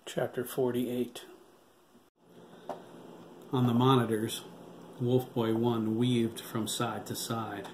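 A man narrating a novel aloud at a steady, even pace. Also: mid-range voice, takes it slowly, long pauses. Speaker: audiobook narrator. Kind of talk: novel reading. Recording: roomy with background noise.

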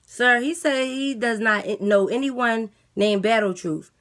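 A woman playing a weary jail guard who relays messages in a flat, matter-of-fact way. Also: a little high, slow. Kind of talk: comedy skit character voice.

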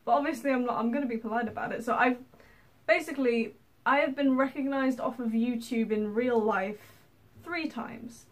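A woman's voice: on the high side, moderate pace. A woman from England, telling stories in a casual vlog, rambling with many fillers and frequent laughter. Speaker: vlogger. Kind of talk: casual storytelling to camera.

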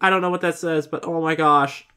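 A man's voice: a little high, steady tone, a little fast, pushed and bright, clear, resonant tone, faint music behind. A man hosting a casual video reaction, chatty and openly emotional, who exclaims and swears often. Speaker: reaction channel host.

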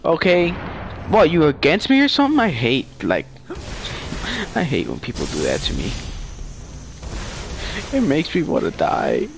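A man's voice: mid-range voice, huge pitch swings, unhurried, vocal fry, long pauses. Swearing, ranting man over noisy gameplay. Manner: profane, frustrated ranting and taunting. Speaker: gamer playing online. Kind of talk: live gameplay commentary.

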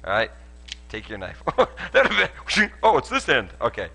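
Joking pastor with a lively bright voice. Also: male voice, medium pitch, a little slow, low-quality recording. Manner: joking, chatty, laughs often, lots of restarts. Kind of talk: playful sermon with a live demonstration. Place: church auditorium.

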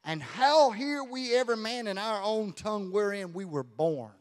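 A man preaches in a very high, ringing voice, drifting between hushed asides and shouted declarations. His sermon fills a church sanctuary, and the words trail off in a long echo. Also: animated, normal speed. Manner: fervent preaching, swings from quiet asides to shouting. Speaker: pastor.

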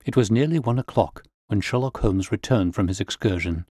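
A man narrating a classic story in a measured, clear reading. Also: fairly low pitch, mellow, no room sound, clean studio sound.

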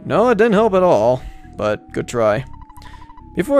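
A man's voice: high-pitched, big pitch swings, unhurried, pauses often, darkish tone, soft background music. Joking man streaming a game. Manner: joking, rambling, mild swearing. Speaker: let's-play streamer. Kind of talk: casual live gameplay commentary.

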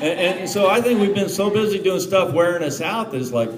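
A man's voice: a little high, brisk, few pauses, a crowd in the background. Male conference preacher, playful and fiery, congregation audible behind him. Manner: lively and joking, laughs often, builds to shouted prayer. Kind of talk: live charismatic sermon. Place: large church conference hall. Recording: live hall with audible congregation. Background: congregation calling out amens.

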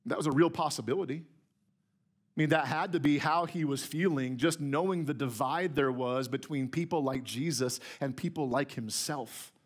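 A man's voice: medium pitch, normal speed, husky. A man pastor preaching a conversational, emphatic sermon to his church. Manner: conversational, emphatic, repeats words when starting a phrase. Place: church sanctuary.

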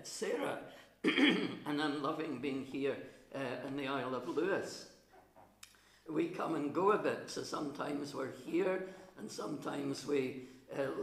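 A middle-aged minister with a chesty cough, telling a gentle story to children during a church service, with frequent pauses. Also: male voice, a little high, gravelly. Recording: roomy church acoustics.

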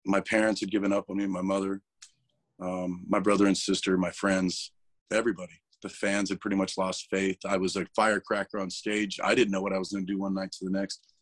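Male interview guest, low voice, dry close sound, candid and emotional, swears a lot. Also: flat delivery, a little fast, no echo. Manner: emotional, swearing, restarts words. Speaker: interview guest, metal vocalist.

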